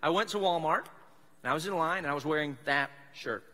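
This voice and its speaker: This pastor's fairly high voice moves fairly quickly with a sharp tone. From South Mississippi and speaking with a Southern accent, he preaches a laid-back, joking sermon in a church sanctuary, chatty and self-deprecating, with long hall reverb around him.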